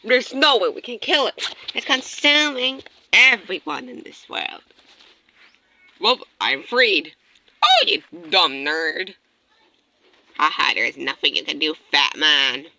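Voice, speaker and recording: A woman's voice: lowish voice, very animated, slow, sharp tone, slight background noise. A woman voicing plush toys in a skit, screaming and gasping dramatically. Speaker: plush toy video narrator.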